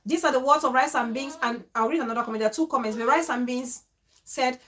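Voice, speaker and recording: A woman with a high-pitched voice hosts her own vlog, speaking emotionally and exclaiming as she reads viewer comments aloud. She is from Cameroon and breaks off her reading with her own asides to the audience. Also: fast, fairly bright tone. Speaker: vlogger.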